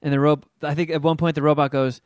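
Man, slightly high voice, smooth, casual profane chat, dry close sound. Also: fast, no echo. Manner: rambling, profane, animated storytelling. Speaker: podcast co-host.

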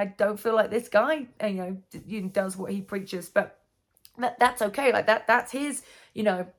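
A woman's voice: fairly high pitch, a bit bright. A woman telling a personal story in a casual monologue, rambling with lots of fillers and restarts. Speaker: vlogger and coach.

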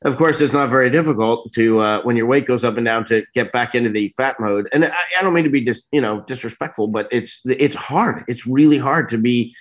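A middle-aged man telling stories as an interview guest, rambling and animated, often breaking off and restarting. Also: mid-range voice, a little fast, hardly any pauses. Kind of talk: casual storytelling interview.

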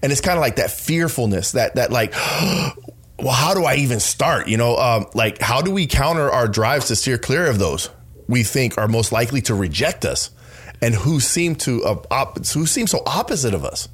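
Host guy with a husky voice, stumbling a bit, restarting words as he sets up his question. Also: mid-range voice, sing-song. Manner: halting, stammering restarts while framing a question. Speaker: podcast host. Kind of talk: interview questions.

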